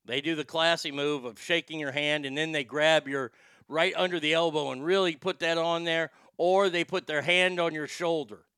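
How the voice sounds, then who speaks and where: A man's voice: a little high, steady tone, normal speed, bright, forceful tone, smooth, dry recording. A man hosting a show and delivering heated, sarcastic ranting commentary that is full of profanity. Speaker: show host.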